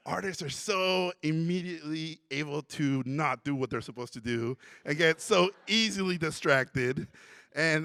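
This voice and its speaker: A man from Mexico giving a conference talk, telling his story in an animated way and acting out the voices of others. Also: a little high, a little slow, dry recording. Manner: animated storyteller who acts out quotes. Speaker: conference speaker. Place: conference hall.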